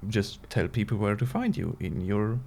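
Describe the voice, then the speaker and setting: A man's voice: on the low side, moderate pace, creaky, a little mellow. A man with a German accent co-hosting a podcast in casual chat, dry and teasing. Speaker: podcast co-host.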